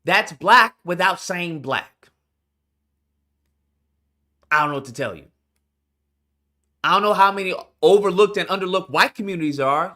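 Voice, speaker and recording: A man reacting to news clips in profane, animated commentary, incredulous and blunt. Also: high voice, normal speed, pauses often.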